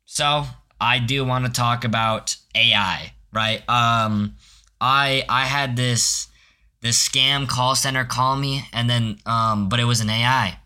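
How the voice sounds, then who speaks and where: Rambling teenage boy, bright voice. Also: medium pitch, fairly even intonation, slow pace, clean tone. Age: teens. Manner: rambling, many restarts and fillers; self-mocking humor. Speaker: podcast host. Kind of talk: casual solo podcast storytelling.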